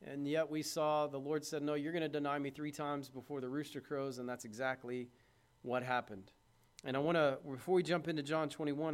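A man preaching a sermon in a conversational way, asking the congregation questions and swinging from loud emphasis to hushed tones. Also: on the high side, smooth.

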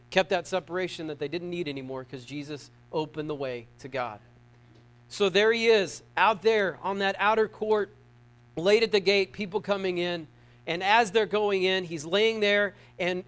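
High-voiced man preaching a sermon. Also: a bit bright. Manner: conversational, humorous, asks the congregation questions. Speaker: pastor.

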